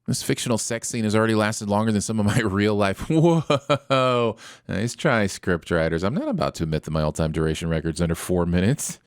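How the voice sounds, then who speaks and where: A man's voice: lowish voice, fast, few pauses, clean tone, no room sound, clean studio sound. A man narrating a comedic review show, riffing sarcastically and with mock outrage. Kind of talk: comedic voice-over commentary.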